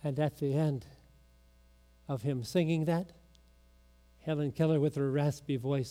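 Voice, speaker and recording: A man preaching a sermon in a church, telling a story slowly and dramatically, sometimes dropping to a hush. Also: a little high, steady tone. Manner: slow dramatic storytelling, drops to a hush at the end.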